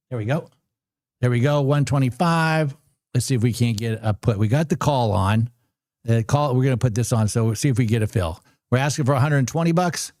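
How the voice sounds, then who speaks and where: A man hosting a live trading stream, chatting to his viewers in an excitable, casual way and repeating numbers aloud as he works. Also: medium pitch, brisk, no echo. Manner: excitable, talks to viewers and chat. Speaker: livestream trading host.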